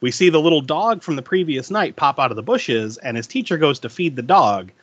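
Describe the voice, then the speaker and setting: A man's voice: a little high, a little fast, husky, no room sound, muffled recording. A man co-hosting a podcast, recapping a film scene by scene in casual chat and laughing often. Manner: laughs often, lively storytelling with restarts.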